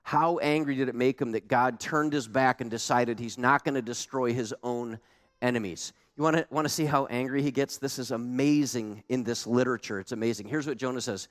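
A male pastor preaching a sermon in a conversational, animated way, full of rhetorical questions. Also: medium pitch, normal speed, long reverb tail.

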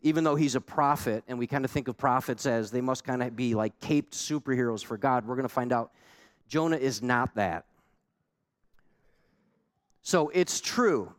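A man's voice: medium pitch, moderate pace, long pauses. A man preaching a sermon as pastor, emphatic and conversational, with many rhetorical questions to the congregation.

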